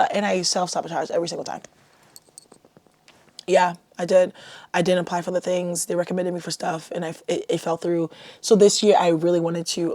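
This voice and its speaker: Chatty young woman podcaster, mellow dry voice. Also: lowish voice, no room sound. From Haiti. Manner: chatty and self-deprecating, with lots of "like". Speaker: podcast host. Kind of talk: casual solo podcast chat.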